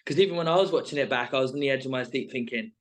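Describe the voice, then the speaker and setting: A man talks loosely and casually as a guest, stringing his thoughts along with plenty of fillers. His voice sits at an ordinary middle pitch and he never sounds scripted. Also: rapid-fire. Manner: rambling, full of "like" and "sort of". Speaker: reality show contestant guest. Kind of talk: casual interview chat.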